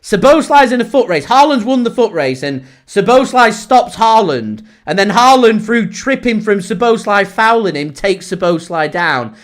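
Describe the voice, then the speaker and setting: Guy doing live match commentary for his fan stream, fairly high voice, gets loud and excitable when it kicks off. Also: moderate pace, hardly any pauses. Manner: excitable, shouts and laughs in disbelief at big moments. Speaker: football fan channel host.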